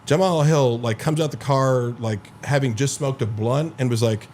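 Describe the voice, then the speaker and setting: A man in casual podcast chat, telling a long story and stringing it together with 'like' and curses. His voice sits at an ordinary pitch. A faint noise runs under the recording. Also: moderate pace, darkish tone. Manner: rambling storyteller, heavy filler 'like', profane. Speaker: podcast host.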